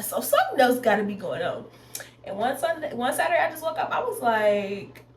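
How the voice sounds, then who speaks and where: A woman's voice: fairly high pitch, expressive, fast. A young woman in her twenties chatting to viewers while doing her makeup, rambling and addressing them as y'all. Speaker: beauty vlogger. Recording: echoey room with faint noise.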